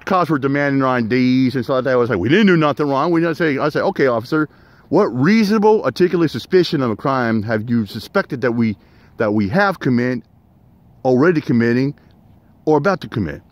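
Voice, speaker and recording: A man's voice: medium pitch, lively intonation, a little fast, dry recording. A middle-aged man telling a story in a casual rant, profane and rambling, with lots of fillers and restarts.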